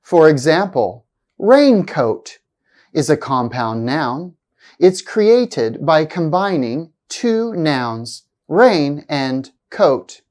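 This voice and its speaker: A woman reading a scripted pronunciation lesson, saying each example word slowly and deliberately with exaggerated stress. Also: sits low, big pitch swings, a little mellow. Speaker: pronunciation teacher.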